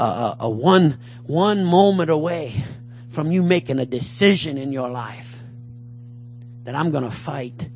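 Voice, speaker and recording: Preaching with fervor, a man plays the part of a taunting giant, alternating between booming calls and quiet mutters.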